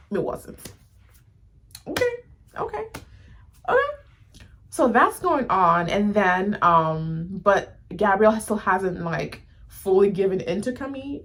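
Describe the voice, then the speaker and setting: A woman chatting to the camera as she reviews a show, animated and talking straight to her viewers. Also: medium pitch, unhurried. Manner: animated, addresses viewers as y'all, many fillers. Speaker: YouTube reviewer. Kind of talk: casual review chat to camera.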